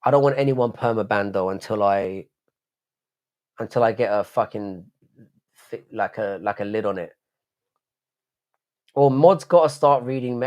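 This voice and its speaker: A man's voice: lowish voice, moderate pace, long pauses, a little mellow. A man from the United Kingdom hosting a late-night live stream, rambling casually, swearing often and answering chat messages aloud.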